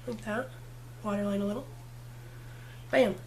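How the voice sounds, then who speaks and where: A woman does a casual makeup tutorial, chatting playfully and talking to herself while working. Her mid-range voice is steady, a little slow and darkish in tone, with slight background noise.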